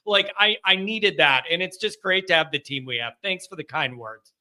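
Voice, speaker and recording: An upbeat male host taking calls on a casual sports show. His voice sits high and sounds very bright and sharp. He talks frankly and keeps things friendly. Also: expressive, normal speed. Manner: upbeat, frank, says "man" often. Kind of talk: casual call-in chat.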